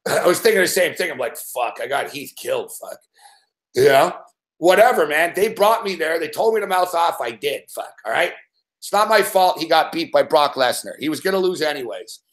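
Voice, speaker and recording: A man's voice: fairly high pitch, expressive, a little fast, a bit bright. A man telling a rambling story in casual chat, swearing constantly and acting out growls and laughs. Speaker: show regular telling a story.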